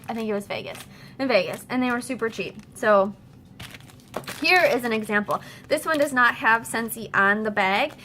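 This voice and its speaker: A woman who works as a direct-sales consultant, giving quick, chatty how-to tips at home, full of fillers and restarts. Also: on the high side, sharp tone, slight background noise. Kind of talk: casual how-to video.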